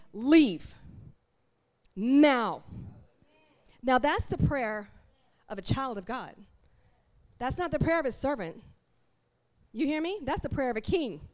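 Woman, sermon, animated, conversational, fairly high voice. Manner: animated, conversational, addresses the congregation directly. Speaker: preacher.

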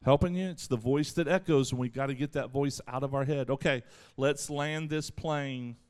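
A man preaching a sermon in an animated way, acting out voices as he goes. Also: medium pitch, moderate pace, clean tone. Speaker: pastor.

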